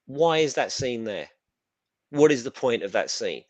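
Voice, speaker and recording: A man with an English accent co-hosting a casual pop culture chat, blunt and animated, slipping into silly voices to mimic characters. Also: mid-range voice, measured pace, no echo. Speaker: co-host.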